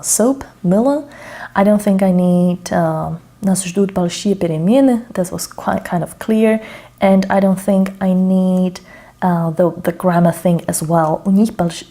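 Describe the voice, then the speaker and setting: Woman, mellow low voice, hesitant, self-correcting, mutters while writing, casual tutorial. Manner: self-checking, hesitant, muttering under her breath. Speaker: language learner demonstrating a method. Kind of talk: casual think-aloud tutorial. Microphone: camera over her shoulder.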